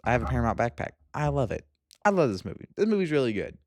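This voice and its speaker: Young male vlogger, excitable and gushing, very lively pitch, dry close sound. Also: no echo. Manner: excitable, gushing, quick to laugh. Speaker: movie reviewer. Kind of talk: casual movie ranking vlog.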